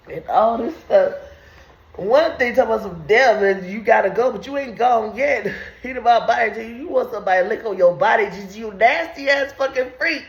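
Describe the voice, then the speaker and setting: A woman's voice: fairly high pitch, lively intonation, moderate pace, muffled recording. A woman hosting a video, riffing on scripture in crude comedic commentary and laughing often through her words. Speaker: video host. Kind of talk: profane comedic Bible commentary. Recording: roomy echo.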